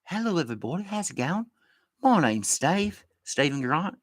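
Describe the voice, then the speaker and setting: A man's voice: a little high, big pitch swings, moderate pace, no echo, clean studio sound, pitched above the performer's own voice. A man putting on a put-on English accent to voice a timid, bewildered young man. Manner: polite, fumbling, bewildered.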